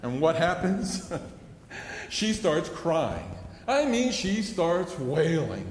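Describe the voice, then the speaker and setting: A man's voice: on the high side, very animated, slow pace. A middle-aged man preaching a sermon, telling stories earnestly and acting out a child's pleading. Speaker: pastor. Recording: echoey hall with long reverb.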